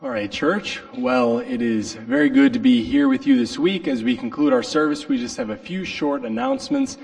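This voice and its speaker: A man gives church announcements in a friendly, informal manner. His voice is gravelly with a wide, swooping pitch that sits a little high for a man. A long reverb hangs around him in the church hall. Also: huge pitch swings, moderate pace.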